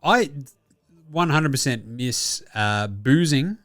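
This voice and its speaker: Jokey, crude Australian bloke hosting a basketball recap; animated, dry recording. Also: male voice, medium pitch, slow pace, dry recording. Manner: profane, jokey, laughs often. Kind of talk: casual sports recap commentary.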